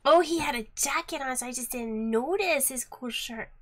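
A woman's voice: sits high, moderate pace. A woman streaming herself as she learns Japanese, chatting casually and giggling often. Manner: giggly, laughs often and openly; chatty, reacts out loud to the app. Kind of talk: casual live-stream chat.

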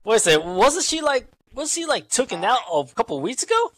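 A commentator calling a virtual wrestling show in casual play-by-play, excitable and swearing freely. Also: mid-range voice, no echo. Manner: excitable, swearing, quick asides.

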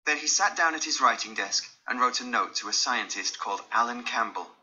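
A man reads a graded-reader story with animated pitch. His voice is bright and forward, and the recording is muffled and lo-fi. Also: a little fast, a little hiss or hum. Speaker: audiobook narrator. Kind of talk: scripted narration of a graded reader.

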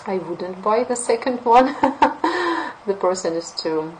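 A woman's voice: on the high side, slow pace, slight background noise, poor audio. Russian-accented woman teaching a webinar. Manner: lively, with playful acted examples. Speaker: English teacher. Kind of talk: webinar lesson.

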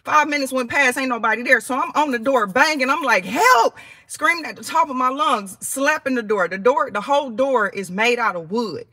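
A woman tells a storytime on her channel in a casual, animated way, swearing freely and acting out what people said. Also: high voice, brisk, few pauses, no echo. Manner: animated, heated, swears freely, acts out quotes. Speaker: vlogger telling a story.

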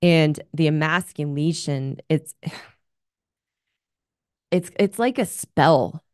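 Low-pitched and slow, this woman's voice is clear and resonant, captured in a clean studio with no echo. As a relationship coach hosting an advice show, she offers an earnest, candid advice monologue.

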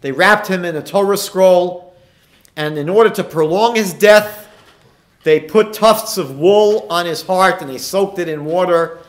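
High-voiced rabbi telling stories. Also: male voice, a little slow. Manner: storytelling, emphatic rhetorical questions. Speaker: rabbi lecturer. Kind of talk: recorded lecture.

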